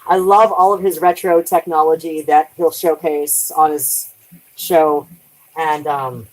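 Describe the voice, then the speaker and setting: A woman's voice: deep voice, poor audio. A woman chatting casually on a live stream while doing dishes at home, rambling, trailing off and swearing lightly.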